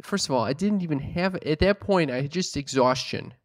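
A man's voice: on the high side, animated, fairly quick, no room sound, clean studio sound. A man telling a story in casual chat, swearing a lot, exasperated, mimicking other people in mocking voices. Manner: profane, exasperated storytelling with mocking put-on quotes.

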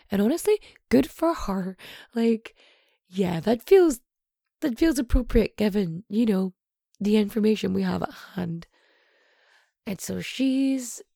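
A woman's voice: on the high side, gravelly, dark tone, no room sound, studio quality. A young woman casually retelling a true crime story, sweary and sarcastic, with lots of asides.

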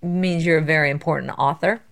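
A woman's voice: sits low, fairly even intonation, fast, vocal fry. A woman co-hosting a podcast, playful and teasing in casual chat. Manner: playful, laughs often, teasing. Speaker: podcast co-host.

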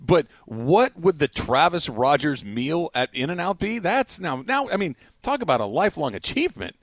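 Animated sports radio host, lively pitch. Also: male voice, normal speed, no echo. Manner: animated, rambling, self-amused. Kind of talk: casual sports radio banter.

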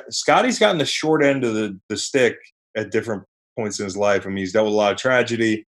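A man hosting a sports podcast, talking casually in a rambling, conversational way with wry asides. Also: on the low side. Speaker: podcast host.

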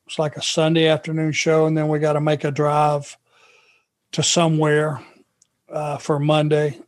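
A middle-aged man from Georgia, a former wrestler telling road stories in a relaxed, anecdotal way. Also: fairly high pitch, normal speed. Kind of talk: podcast storytelling.

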